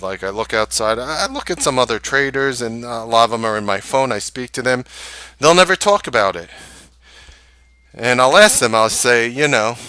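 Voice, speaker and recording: A man hosting a live trading stream, ranting casually to viewers in an animated, exasperated way and scoffing with short laughs. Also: mid-range voice, clear, resonant tone, no room sound.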